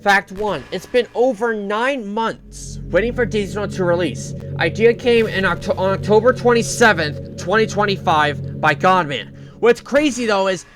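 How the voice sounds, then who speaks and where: A young man casually reading a fan story aloud and reacting, rambling and correcting himself, with excited shout-outs. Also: high-pitched, normal speed, few pauses. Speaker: channel host reading fan lore. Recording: music playing underneath.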